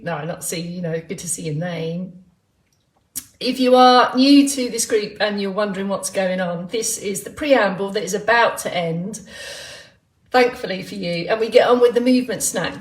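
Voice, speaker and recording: A woman instructor leading a live online movement class in a chatty, rambling, jokey way, greeting viewers by name. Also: mid-range voice. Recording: roomy sound from a distant mic.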